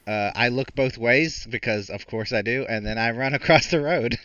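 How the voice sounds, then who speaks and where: A man's voice: mid-range voice, moderate pace, fairly bright tone, smooth, no room sound. A man playing a tabletop game, talking in a blunt, wry way. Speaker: player. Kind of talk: tabletop role-play. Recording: dull, distant mic.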